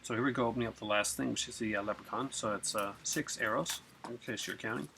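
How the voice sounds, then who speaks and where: A man hosting a casual unboxing vlog who talks in an excitable, rambling way with many fillers. He sounds chilled from being out in the cold and rain. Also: mid-range voice, quick pace, gravelly, slight background noise. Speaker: video host.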